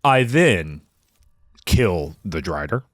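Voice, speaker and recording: A man co-hosting a podcast, telling his game story in a playful, animated way. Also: low-pitched, takes it slowly, dry recording, clean studio sound. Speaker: podcast co-host. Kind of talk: casual gaming chat.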